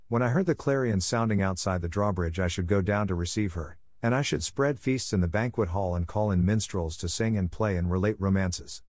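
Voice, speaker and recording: A man's voice: fairly low pitch, a little mellow, dry recording. A man voicing a brave, imaginative young schoolgirl in an audiobook reading. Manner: earnest, brave storyteller.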